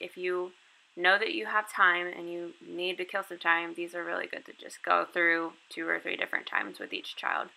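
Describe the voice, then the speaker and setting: Bright, slightly creaky woman explaining. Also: lowish voice, poor audio. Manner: chatty, explaining step by step with casual fillers. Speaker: online English teacher. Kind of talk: casual screen walkthrough tutorial.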